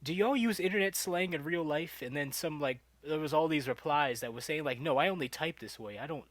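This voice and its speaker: Young man, podcast co-host, casual and animated, slightly high voice, dry booth sound. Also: a little fast, no echo. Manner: animated, laughs often, acts out quoted voices. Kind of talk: casual chat.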